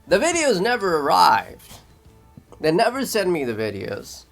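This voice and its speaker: A man's voice: high-pitched, sing-song, moderate pace, creaky, faint music behind, rough recording. A man telling a complaint story to camera in a vlog, exasperated and repetitive in short clipped phrases. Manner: exasperated, retelling phone calls in his own words. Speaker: vlogger reviewing a product.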